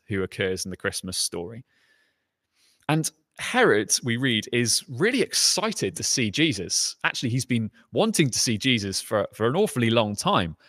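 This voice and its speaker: A man's voice: a bit bright, dry recording. Male preacher, casual sermon delivery, acts out quotes, dry close sound. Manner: conversational, acting out quoted lines with rising pitch.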